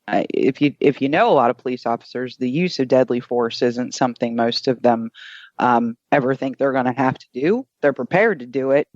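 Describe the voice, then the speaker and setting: A man's voice: medium pitch, no echo, highs cut off. A man co-hosting a talk radio show, speaking in an earnest, conversational way. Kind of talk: casual political talk radio banter.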